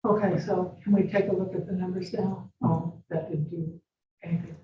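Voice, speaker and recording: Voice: medium pitch, fairly even intonation, normal speed, lo-fi sound, a crowd in the background. A commissioner in a working meeting who keeps questioning and double-checking figures, recorded from a distance in a roomy room. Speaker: redistricting commissioner.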